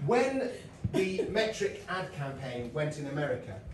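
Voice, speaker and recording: A middle-aged man from Britain delivers a comic lecture, chatty and full of asides. His voice sits a little high, and it is picked up from a distance. The roomy hall carries a faint background hum. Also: sing-song, measured pace. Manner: chatty storytelling with laughs and asides. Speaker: lecturer and comedian. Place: lecture hall with live audience.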